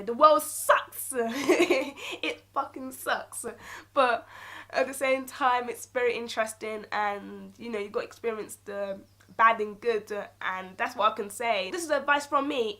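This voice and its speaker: Young woman, high voice, bright and sharp tone, animated casual storytime rant, lots of "okay" and "like". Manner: animated, ranting, peppered with "okay" and "like". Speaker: vlogger.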